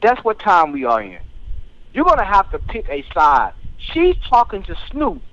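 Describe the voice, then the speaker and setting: A male radio talk show host delivers heated, preachy political commentary, constantly asking listeners "you understand?". His high, slightly bright voice swoops wildly in pitch at a normal speed, and the dry recording has its highs cut off.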